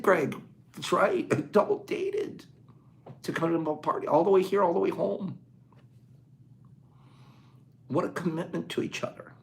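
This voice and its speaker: A man's voice: fairly high pitch, creaky. Laughing, rambling male storyteller. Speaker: host. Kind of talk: casual storytelling chat.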